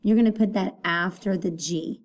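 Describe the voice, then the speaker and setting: A woman's voice: mid-range voice, steady tone, moderate pace. A woman teaching an elementary phonics lesson, patiently saying each word aloud and repeating it for young children.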